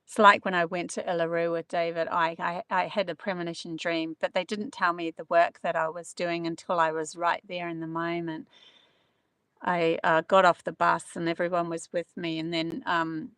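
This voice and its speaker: A woman's voice: fairly low pitch, flat delivery, normal speed, a bit bright, clean tone, no room sound. Earnest rambling New woman. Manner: earnest, rambling, with many fillers. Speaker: spiritual channeler. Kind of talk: live-streamed spiritual talk.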